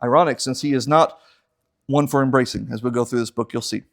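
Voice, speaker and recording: A man's voice: medium pitch, fairly even intonation, brisk. A man teaching a casual Bible class in a church, joking and acting out the people he quotes. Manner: joking, acts out quoted voices.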